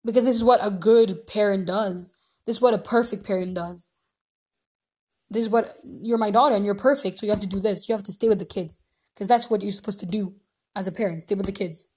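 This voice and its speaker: A woman's voice: medium pitch, fairly quick, darkish tone, breathy edge, lightly acted. A woman putting on the voice of a disapproving mother who scolds her grown daughter. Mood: insistent. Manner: reproachful, repetitive.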